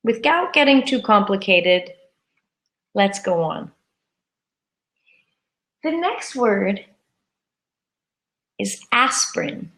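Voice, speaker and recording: A woman teaching a live English lesson, saying words slowly and carefully and repeating them for learners. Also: medium pitch, sing-song, fairly bright tone. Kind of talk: live-streamed grammar lesson.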